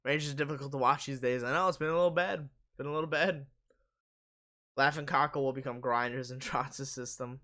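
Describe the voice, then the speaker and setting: A man hosting a live sports stream, casually reading viewer comments aloud and answering them while his voice is going hoarse. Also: mid-range voice, fairly even intonation, a little fast, bright, forceful tone.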